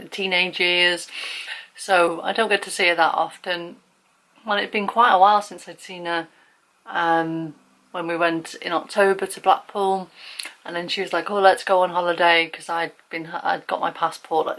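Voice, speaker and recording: A woman's voice: lowish voice, creaky, fairly bright tone, low-quality recording. A young woman from England chatting casually to camera, rambling with lots of fillers and restarts. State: recovering from illness, feeling weak. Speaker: vlogger.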